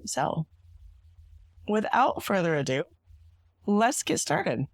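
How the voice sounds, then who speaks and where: A woman hosting her own podcast, talking in a reflective, earnest way with a hoarse, gravelly voice from being sick. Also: low-pitched, lively intonation, moderate pace, music in the background. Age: adult parent. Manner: reflective and earnest, with small laughs. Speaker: podcast host. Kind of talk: solo podcast monologue.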